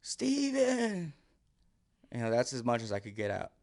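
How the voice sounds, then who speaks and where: A man, a podcast guest, telling his own story in casual talk, acting out his quotes and dropping to a hush at tense moments. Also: lowish voice, level tone, racing. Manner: vivid, acts out his own quotes, drops to near whisper.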